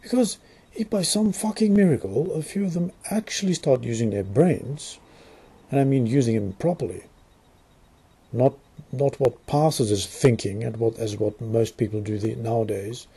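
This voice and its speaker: A man's voice: medium pitch, a little slow, dark tone, slightly rough. A man with an Australian accent playing a sarcastic, mock-formal male Illuminati news anchor in a satirical newscast, putting on a shaky British accent. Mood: sneering. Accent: put-on British over Australian. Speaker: comedic news presenter.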